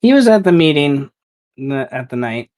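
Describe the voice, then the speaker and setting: A man narrating as game master of a tabletop game, loose and halting with many fillers. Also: fairly high pitch, big pitch swings, a little mellow, poor audio.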